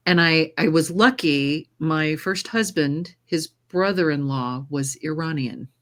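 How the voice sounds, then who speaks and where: An American woman who narrates audiobooks and trained as a singer, chatting in a casual interview and telling lively stories with frequent laughter. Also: sits low, unhurried. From United States. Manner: lively storyteller, laughs often; trained singer with controlled delivery.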